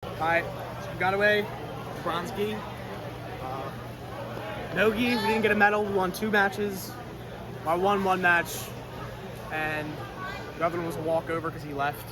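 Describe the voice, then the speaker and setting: A tired young man talks to his camera outdoors on a city street, rambling and slangy with plenty of ums. His voice sits a bit high, and loud traffic noise rolls behind him the whole time. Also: unhurried, long pauses. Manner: rambling, filler-heavy, slangy. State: drained and tired. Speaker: vlogger. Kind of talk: casual talk to camera.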